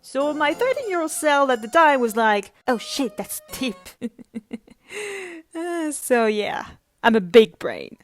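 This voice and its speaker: A woman's voice: sits high, sing-song, slow, faint music behind. A young woman from France with a French accent, hosting a casual question-and-answer vlog in a playful, self-mocking way. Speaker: YouTube channel host.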